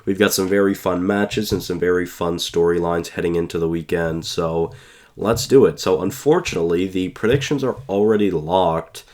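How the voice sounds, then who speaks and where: Deep-voiced casual esports vlogger man. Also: moderate pace, hardly any pauses, a little mellow. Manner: chatty, self-correcting, filler-heavy. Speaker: esports YouTuber. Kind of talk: casual prediction commentary.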